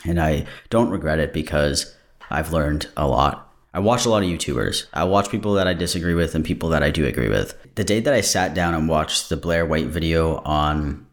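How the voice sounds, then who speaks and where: Deep-voiced man, candid podcast host. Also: lively intonation, normal speed. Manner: candid and digressive, breaks off mid-thought. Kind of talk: casual solo podcast monologue. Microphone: camera-recorded.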